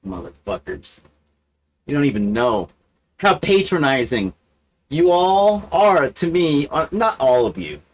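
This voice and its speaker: With a sing-song, slightly slow delivery, the male livestreamer wanders through a profane monologue to camera. He mocks himself freely, and his voice leaps suddenly between high and low.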